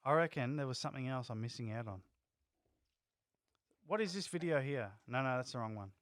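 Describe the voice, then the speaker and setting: A man's voice: medium pitch, expressive, fairly quick, fairly bright tone, no echo, clean studio sound. A man co-hosting a casual livestream chat, rambling and laughing through loose banter and casual swearing. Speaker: livestream co-host.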